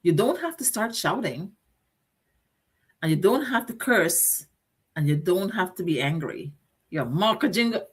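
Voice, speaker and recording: A woman's voice: on the low side, sing-song, a little slow, pauses often, husky. Earnest woman giving motivational talk. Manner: earnest, direct, addresses listeners, lists and repeats phrases. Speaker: host. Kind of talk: motivational talk show monologue.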